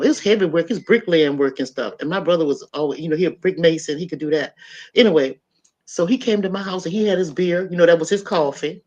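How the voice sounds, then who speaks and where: A middle-aged woman hosting a podcast, telling a story in an animated, emphatic way and talking straight to her listeners. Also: sits low. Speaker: podcast host. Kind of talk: casual storytelling chat. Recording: dull lo-fi sound.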